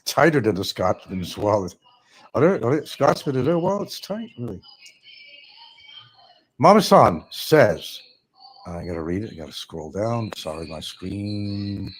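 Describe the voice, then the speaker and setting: A man's voice: lowish voice, big pitch swings, a little slow, pauses often, breathy edge. A man hosting a casual livestream, rambling sarcastically and reading chat comments aloud. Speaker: livestream host.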